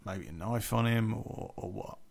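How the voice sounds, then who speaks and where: A man with a low, gravelly voice telling a story from his own life. He speaks bluntly and casually, swearing freely all the way through. His delivery is plain and unpolished. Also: normal speed, a little mellow.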